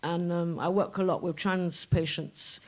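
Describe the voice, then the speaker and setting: Impassioned guest, swearing, halting pauses. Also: mid-range voice, steady tone, low-quality recording. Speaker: guest artist on a live podcast. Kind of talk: casual live chat. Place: pub room before a live audience.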